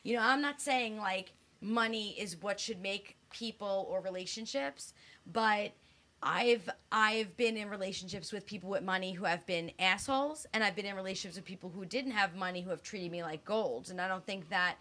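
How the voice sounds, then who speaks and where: A woman's voice: medium pitch, moderate pace, sharp tone. A woman in her thirties co-hosting a casual, frank chat, blunt and swearing freely, her speech slightly slurred from dental work. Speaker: co-host.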